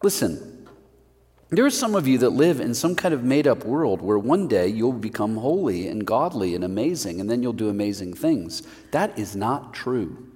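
A male pastor giving a sermon in an animated, conversational way with self-deprecating humor. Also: medium pitch, moderate pace, few pauses, long reverb tail.

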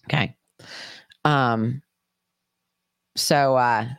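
A woman's voice: rumbling low, takes it slowly, vocal fry, long pauses, dry recording, studio quality. A woman podcast host telling a personal story in a casual, swearing, chatty way. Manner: profane, chatty, acts out quoted voices.

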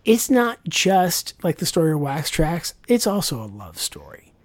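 A woman's voice: low voice, big pitch swings, normal speed, no room sound. A woman co-hosting a podcast in casual chat, rambling and chatty, full of asides and fillers.

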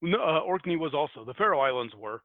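A man's voice: fairly high pitch, sing-song, fast talker, no echo. An American man hosting a podcast in casual chat, rambling and laughing at himself as he retells a folktale. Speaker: podcast host. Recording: tinny phone-like dry sound.

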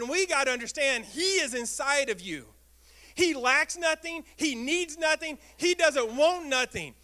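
A man preaching a sermon as pastor, talking in a lively way and asking the congregation questions. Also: very high voice. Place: church sanctuary.

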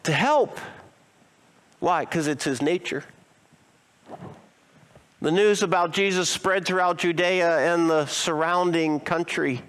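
High-voiced, smooth-toned male pastor preaching. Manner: expressive preaching with rhetorical questions and dramatic slowing. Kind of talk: sermon.

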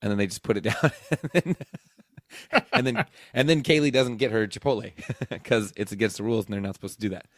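A man's voice: lowish voice, fast, no room sound, studio quality. A man who works as a teacher, casually telling a rambling story and acting out the dialogue, laughing as he goes. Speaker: teacher and podcast host.

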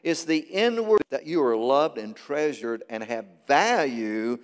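A man preaching a sermon as pastor, swinging between loud peaks and quiet asides. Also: mid-range voice, lively intonation, measured pace, clean tone. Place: large church hall. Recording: long reverb of a big sanctuary.

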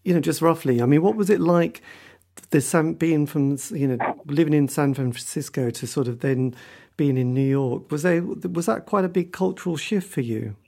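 Gravelly, mellow male interviewer. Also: on the high side, moderate pace. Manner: hesitant questions, enthusiastic reactions. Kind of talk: casual interview chat.

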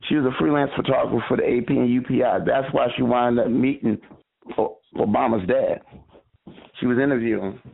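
A man's voice: medium pitch, fairly even intonation, fairly quick, gravelly, husky, no echo. A man calling in, chatting casually in a rambling, argumentative way over a tinny phone line.

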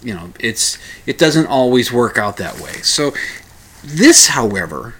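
A man's voice: medium pitch, very animated, unhurried, a bit bright, a little hiss or hum. A man hosting a casual spoken monologue, rambling with many restarts and small chuckles.

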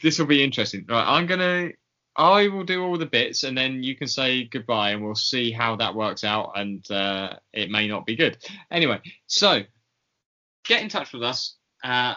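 Bright-voiced rambling podcast host man. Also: mid-range voice. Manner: rambling, filler-heavy, self-mocking. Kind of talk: casual podcast sign-off. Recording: dull lo-fi remote call line.

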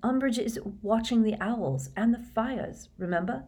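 A woman's voice: measured pace, a little mellow, slightly rough. A woman voicing a troubled teenage boy wizard in a storybook reading, speaking grimly and tersely. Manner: grim, short and low-key.

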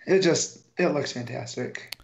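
A man's voice: a little high, a little slow, gravelly. A man co-hosting a casual podcast chat, throwing in dry wisecracks. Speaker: podcast co-host.

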